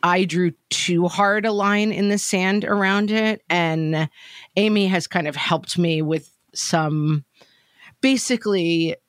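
Middle-aged woman, podcast guest; animated, self-mocking, dry booth sound. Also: fairly low pitch, takes it slowly, dry recording. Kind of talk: casual chat.

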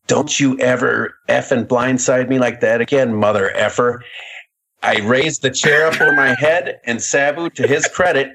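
A man on a podcast recounts a rough night with wry timing, stacking up the mishaps toward a punchline. His voice is mid-pitched and plain. He talks in an easy, conversational way. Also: fairly bright tone. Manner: wry, builds a story to a punchline. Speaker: guest, former wrestler. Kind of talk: casual anecdote telling.

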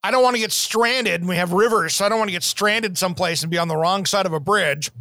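A man's voice: sits high, fast, bright, forceful tone, no room sound, clean studio sound. A man hosting a podcast, telling rambling stories in a casual, easygoing way and laughing easily. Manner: chatty, rambling storyteller who laughs easily. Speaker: podcast host. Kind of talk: casual chat.

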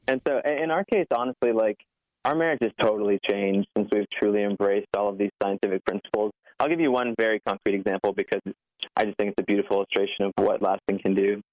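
A man's voice: on the low side, steady tone, quick pace, darkish tone, no room sound. A man, a guest founder, talking earnestly in an interview with many "like" fillers and a nervous laugh. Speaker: podcast guest, app founder. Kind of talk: conversational interview. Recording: dull, muffled lo-fi sound.

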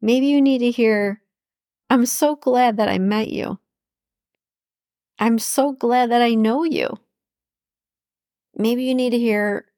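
A woman's voice: on the high side, slow, long pauses, dry recording, studio quality. A woman hosting a podcast alone, talking in an affirming, encouraging way and repeating her words of support. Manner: warm affirming, repeats phrases, speaks imagined words of encouragement. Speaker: podcast host. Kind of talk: encouraging solo podcast talk.

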